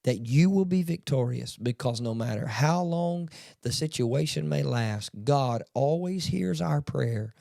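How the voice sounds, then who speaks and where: Gravelly, mellow-voiced man preaching a devotional. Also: medium pitch, lively intonation, a little slow, no room sound, clean studio sound. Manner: earnest, emphatic preaching with rising stresses. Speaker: devotional podcast host.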